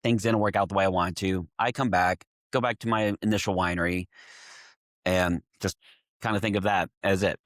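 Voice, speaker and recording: A man from Texas, a winemaker guest on a podcast, telling a story in steady detail. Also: deep voice, moderate pace, no room sound, studio quality. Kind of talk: casual chat.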